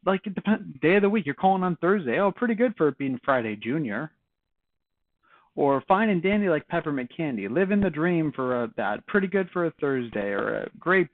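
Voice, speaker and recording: A man giving a casual sales training talk, chatty and lively, acting out both sides of a phone call. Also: on the high side, no room sound. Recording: dry tinny phone-like audio.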